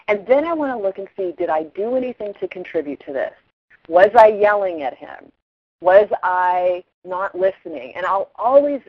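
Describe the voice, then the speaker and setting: A woman's voice: fairly low pitch, dry recording, lo-fi sound. A middle-aged woman giving parenting advice in casual talk, acting out the lines of parents and kids as she tells stories. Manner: animated storyteller acting out quotes. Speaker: parenting expert guest.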